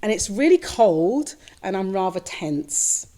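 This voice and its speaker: Mellow-voiced woman giving a reflective dharma talk. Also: medium pitch, very animated. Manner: slow, reflective, repetitive storytelling with fillers. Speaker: Buddhist teacher. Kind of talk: dharma talk, recounting a dream.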